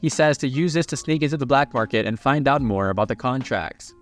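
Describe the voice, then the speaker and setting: A man's voice: medium pitch, expressive, a little fast, faint music behind. A man narrating a story recap in a casual, chatty way with playful asides.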